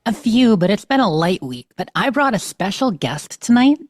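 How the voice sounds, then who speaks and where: A woman co-hosts a casual podcast from her bedroom, chatty and upbeat, laughing easily. Her mid-range voice is sing-song at a moderate pace, with no echo.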